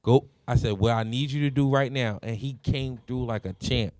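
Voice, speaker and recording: A man in his thirties hosting a casual group podcast, telling stories in a lively way and laughing often. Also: medium pitch, moderate pace, no room sound. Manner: animated storyteller, laughs often. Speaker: podcast host.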